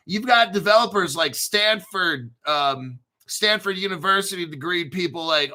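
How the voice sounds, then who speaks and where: A man's voice: high-pitched, normal speed, few pauses, sharp tone. A man hosting his own crypto channel, talking in a profane, hyped and rambling casual rant with sudden bursts of emphasis.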